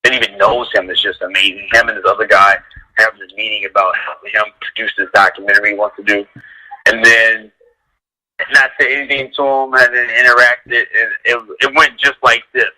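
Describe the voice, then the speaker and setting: Male radio guest, dog trainer; bright, cutting tone; casual, rambling, animated storyteller. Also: brisk, rough recording. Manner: animated storyteller, heavy use of "like", acts out quotes in a higher voice.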